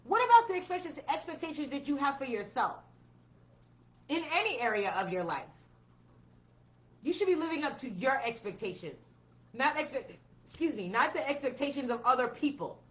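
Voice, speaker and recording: High-pitched woman doing a tarot reading, cusses a lot, blunt and pushy, kinda dull lo-fi audio. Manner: blunt, profane, emphatic, repeats commands. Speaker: tarot reader.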